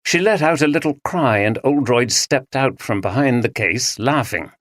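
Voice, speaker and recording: A man narrating a mystery audiobook in a measured, even storytelling manner. His voice sits in a middle pitch, and the recording is dry and close with no room sound. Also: dry recording.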